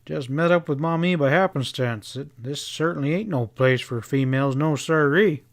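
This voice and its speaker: A man's voice: fairly high pitch, normal speed, close to an everyday voice. A man voicing a brash, folksy cowboy rider in an audiobook western. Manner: folksy western drawl, exclamatory.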